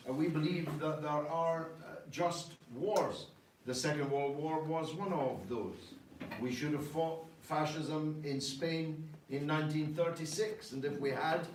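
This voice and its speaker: Emphatic man speaking in an echoey room. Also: on the high side. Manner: emphatic, rhetorical, frequent "uh" pauses. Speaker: party leader answering questions. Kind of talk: political talk to an audience. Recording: echoey room, distant mic, faint noise.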